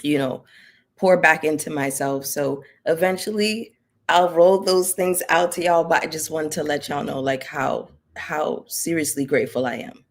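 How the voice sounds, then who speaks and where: A woman's voice: deep voice, normal speed. Picture a young woman settled in front of her camera, talking to her regular viewers in an easy, rambling way. Her delivery is sincere and heartfelt. She leans on plenty of filler words as she thinks aloud. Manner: chatty and heartfelt, many fillers. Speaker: reality TV commentary YouTuber. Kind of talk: casual direct-to-camera chat.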